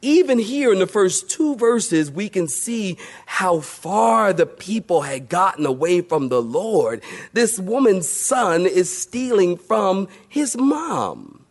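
A man preaching a sermon in a lively storytelling manner, asking the congregation rhetorical questions. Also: high voice, slow pace. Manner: animated, storytelling, acts out voices, rhetorical questions. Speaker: pastor.

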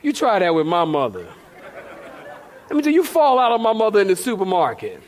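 High-pitched animated preacher, playful. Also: male voice, a little fast, a faint crowd, a little hiss or hum. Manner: animated, playful, acts out shouting voices. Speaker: pastor. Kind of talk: sermon with comic storytelling. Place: church sanctuary.

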